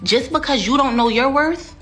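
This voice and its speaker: A woman's voice: sits high, moderate pace, a bit bright, soft background music. A woman ranting in a sassy, indignant reaction video. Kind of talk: reaction rant.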